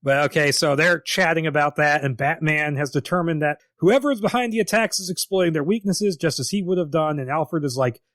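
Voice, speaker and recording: A man's voice: on the high side, brisk, hardly any pauses, fairly bright tone, no room sound. A man co-hosting a podcast in casual chat, wry and laughing easily as he retells scenes, with some swearing. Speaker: podcast co-host.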